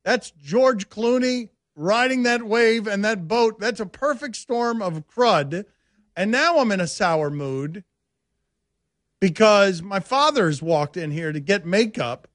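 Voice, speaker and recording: Ranting sports radio host, high voice. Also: male voice, takes it slowly, no echo, clean studio sound. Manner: animated, ranting, sarcastic. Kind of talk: casual sports talk radio. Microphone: studio microphone.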